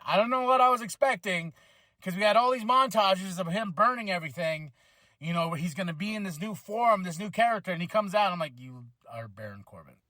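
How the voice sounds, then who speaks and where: A man hosting a podcast, recapping a wrestling show in an excitable, rambling way with many restarts. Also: high-pitched, no room sound. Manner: acts out wrestlers' lines in quick voices. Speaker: podcast host reviewing wrestling.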